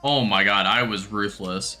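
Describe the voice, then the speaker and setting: A young man chatting casually on a game live stream, self-mocking and quick to laugh. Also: on the low side, pushed and bright, soft background music.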